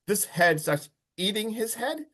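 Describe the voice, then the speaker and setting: Excited man rambling through a movie recap. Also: sits high, a little slow. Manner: excited, rambling retelling full of "like" and "friggin'". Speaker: podcast co-host.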